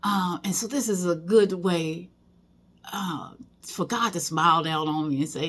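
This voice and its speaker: A woman's voice: fairly low pitch, unhurried, a bit bright, breathy edge. A middle-aged woman talking casually in a personal vlog, emotional and rambling, with many fillers and restarts. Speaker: vlogger.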